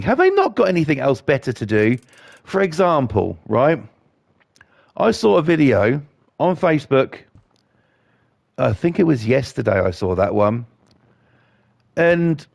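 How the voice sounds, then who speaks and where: A man's voice: on the high side, gravelly, a little mellow, no echo, studio quality. Ranting, swearing man. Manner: profane, rambling, indignant. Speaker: gaming YouTuber. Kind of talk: ranting commentary while playing a game.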